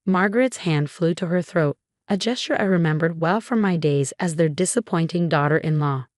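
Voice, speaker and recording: A woman reading a first-person revenge story as scripted narration, calm and measured. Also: on the low side, dry recording, studio quality.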